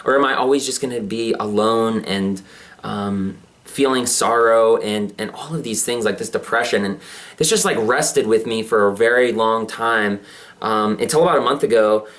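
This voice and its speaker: A man's voice: on the low side, normal speed, fairly bright tone. A man in his twenties, a vlogger, telling a personal story in a rambling way with many fillers and restarts. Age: 20s. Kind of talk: personal confessional vlog.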